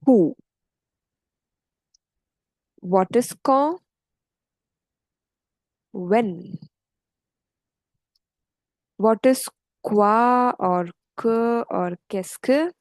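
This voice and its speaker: Teaching French grammar in an online lesson, a woman explains patiently step by step with frequent "okay"s. Her voice is on the high side and a little mellow, very slow with long pauses, on a dry, low-quality recording.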